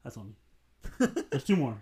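A man running a casual trivia game for friends on a podcast, laid-back and quick to laugh. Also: mid-range voice, very animated, dark tone. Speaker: quiz host.

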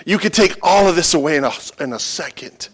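A middle-aged male pastor preaching a sermon in a church, with call-and-response lines that build to loud, emphatic peaks. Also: fairly high pitch, lively intonation, brisk, slightly rough.

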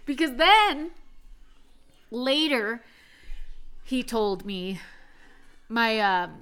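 Pregnant young woman vlogger, candid storyteller, a bit high-pitched. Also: expressive, very slow, a bit bright, clear, resonant tone. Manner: candid, chatty, laughs often, swears. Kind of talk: casual personal storytelling.

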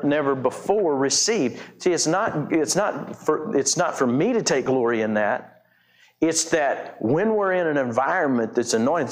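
A middle-aged male pastor preaching a conversational sermon, full of restarts, repetitions and rising emphasis. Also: medium pitch.

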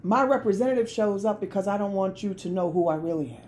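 A woman leading a heartfelt faith-based discussion, talking earnestly with a preacher-like cadence and drawn-out emphasis. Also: medium pitch, lively intonation, a little mellow, slight background noise.

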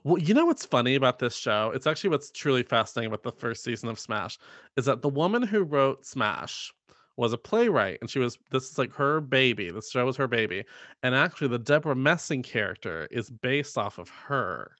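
Animated laughing podcast co-host, man. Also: mid-range voice, fairly quick, dry recording. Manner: animated, laughing, mimics lines. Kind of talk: casual chat.

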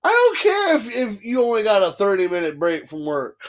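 A man's voice: high voice, wildly swooping pitch, a little fast. A young man who is a guest on a casual chat show, laughing a lot and swearing. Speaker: podcast guest.

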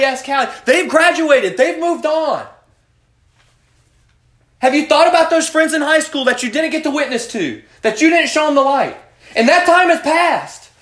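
A man's voice: very high-pitched, a bit bright. A man leading a youth Bible study, preaching and quizzing his students by name. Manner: preachy, asks the group questions, calls on students by name. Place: room with a student group. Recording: echoey room.

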